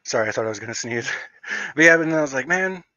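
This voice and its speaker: A man's voice: medium pitch, very fast, sharp tone, dry recording, muffled recording. A man with a slight stutter hosting a casual livestream rant, rambling through thoughts with lots of fillers and restarts. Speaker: livestream host.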